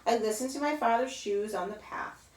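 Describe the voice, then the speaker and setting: A woman who teaches yoga to children reads a picture book aloud to them, mimicking sounds in a high, playful voice. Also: normal speed, far from the mic. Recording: roomy echo, voice off-mic.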